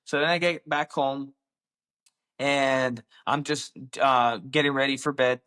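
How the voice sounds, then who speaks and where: A man's voice: medium pitch, unhurried, clean tone. A young roofing business owner, a man telling stories in a casual interview, acting out quotes and saying "dude" and "like" often. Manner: animated, acts out quotes, says "dude" and "like" often.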